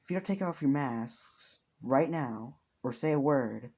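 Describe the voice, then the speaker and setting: A man voicing an annoyed teacher who lectures two silent students, speaking in slow, stern warnings. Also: medium pitch, expressive, a little mellow, slightly rough, highs cut off.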